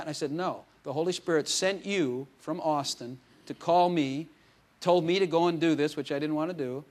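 A man's voice: fairly high pitch, normal speed, few pauses, darkish tone. A male pastor preaching a casual, conversational sermon, telling stories with quoted dialogue and laughing often.

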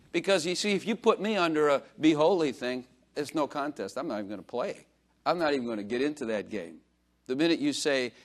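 An older man giving an informal sermon, telling rambling, self-mocking stories full of fillers and asides to a congregation. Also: medium pitch. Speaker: preacher.

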